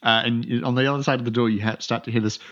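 A man's voice: mid-range voice, fairly even intonation, quick pace, fairly bright tone, a little hiss or hum. A man narrating as game master in a tabletop game, stumbling through many repeated words and fillers. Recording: dull lo-fi sound.

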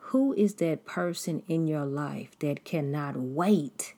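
A woman preacher with a low, husky voice delivers her sermon at an unhurried pace. She builds her points through repetition and deliberate emphasis, and her cadence steadily drives each phrase home. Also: warm tone.

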